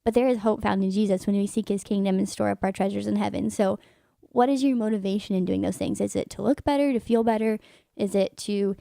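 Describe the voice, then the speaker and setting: A young American woman guest talks earnestly about faith and habits. Her voice is mellow and gravelly with plenty of fry, and it sounds close and dry. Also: medium pitch, dry recording. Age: young adult. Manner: earnest, reflective. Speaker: guest, magazine staff writer. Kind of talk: casual faith-based radio talk.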